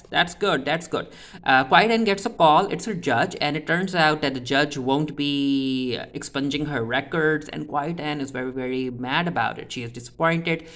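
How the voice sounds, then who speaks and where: A man's voice: medium pitch, fairly bright tone. A man giving a casual, chatty recap of a TV episode, often restarting with "uh" fillers. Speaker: TV recap reviewer.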